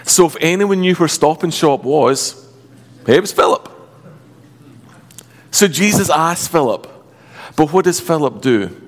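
A man preaching a sermon as a pastor, reading scripture, praying, then telling the story in a lively, joking way with big rises in pitch. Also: a little slow, pauses often. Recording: long hall reverb.

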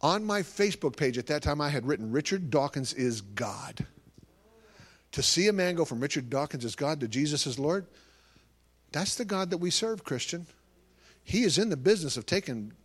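A man's voice: a little high, breathy edge. A man giving a live talk to an audience as a Christian ministry speaker, telling stories animatedly and acting out conversations.

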